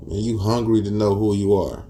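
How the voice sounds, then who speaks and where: A man with teaching scripture in a casual street style, mixing verses with profane stories and rising loud and high when outraged. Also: steady tone, moderate pace, a little hiss or hum. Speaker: preacher.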